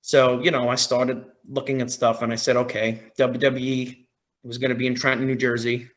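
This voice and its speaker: A man on a podcast as a guest, telling a story in a casual, excited way, often quoting his own reactions. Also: mid-range voice, normal speed. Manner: excited, retelling with quoted reactions.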